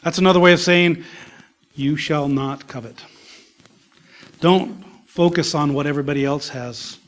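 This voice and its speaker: A man preaching a sermon in a slow, emphatic way, dropping at times to a soft whisper. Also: fairly high pitch. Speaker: pastor.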